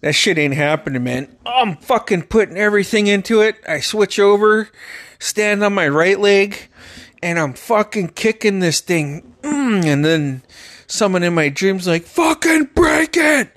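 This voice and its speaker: Animated profane man telling dream stories. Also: high-pitched, a little slow, no room sound, studio quality. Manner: profane, animated, acts out quotes with loud yelps. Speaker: storyteller. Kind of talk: casual storytelling monologue.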